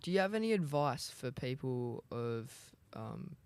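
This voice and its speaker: A man's voice: medium pitch, sing-song, a little slow, a little mellow, clear, resonant tone, no echo. A teenage boy interviewing a guest, encouraging and affirming in a casual way. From Australia. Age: teens. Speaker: student interviewer.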